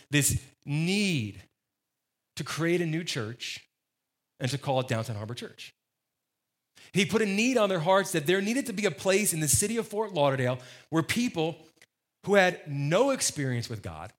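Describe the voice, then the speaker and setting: A man's voice: a little high, fairly bright tone. A man preaching a sermon as the church's pastor, emphatic and conversational, repeating phrases for stress.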